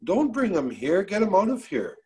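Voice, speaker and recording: A man's voice: high-pitched, huge pitch swings, normal speed, mellow, voice pushed up. A man playing a greedy, dismissive lodge guard. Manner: gruff, dismissive.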